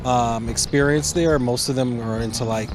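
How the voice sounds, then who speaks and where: A man answering a street interviewer thoughtfully, pausing often. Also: medium pitch, steady tone, over music. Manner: thoughtful, halting with "um". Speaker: passer-by. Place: city street outdoors.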